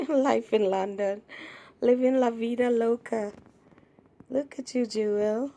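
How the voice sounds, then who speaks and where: A woman filming her kitten and talking to it in sing-song baby talk, asking it many gentle questions. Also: on the high side, takes it slowly. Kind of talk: cooing pet talk.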